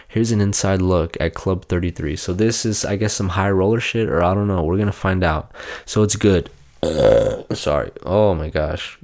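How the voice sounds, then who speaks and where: Man, very low voice, young adult, podcast host, rambling, profane, self-mocking. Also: steady tone, normal speed, darkish tone. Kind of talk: casual chat, reading aloud from a phone.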